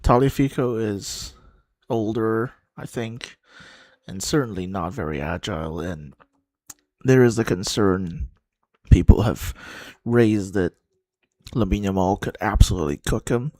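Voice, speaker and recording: Low-voiced man chatting through a match. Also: a little slow, darkish tone, dry recording. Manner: chatty, thinking aloud with fillers. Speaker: watchalong host. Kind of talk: casual live commentary.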